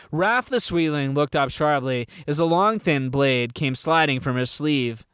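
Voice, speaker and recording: A man narrating a fan audiobook reading in a measured storytelling manner. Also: a little high, a bit bright, smooth, dry recording, studio quality.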